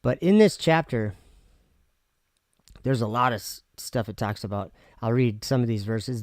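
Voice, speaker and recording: A man's voice: medium pitch, animated, no room sound. Man musing over scripture, dry close sound. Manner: reads aloud with pauses and restarts. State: talking with candy in his mouth. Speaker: video host. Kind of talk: casual Bible reading and musing.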